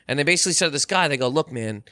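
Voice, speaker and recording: Male comedian guest, bright high voice, lively delivery, dry close mic. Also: very fast, dry recording. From Canada. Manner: animated, swearing, acts out quotes. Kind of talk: casual storytelling.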